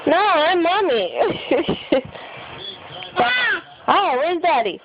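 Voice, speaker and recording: A woman's voice: sits high, lively intonation, very slow, long pauses, muffled recording. A mother at home filming her baby on a phone, coaxing in sing-song baby talk and laughing often. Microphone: phone camera.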